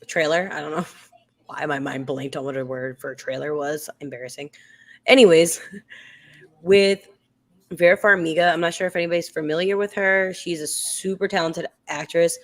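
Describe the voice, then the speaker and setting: Low-voiced chatty woman. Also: fairly even intonation. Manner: chatty, lots of fillers and quick restarts. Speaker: co-host. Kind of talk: casual chat.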